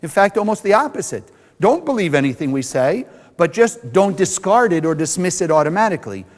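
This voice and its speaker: A man's voice: high-pitched, sing-song, a little fast, long reverb tail, low-quality recording. A man teaching a spiritual lesson to a class, asking questions and answering them himself. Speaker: Kabbalah teacher.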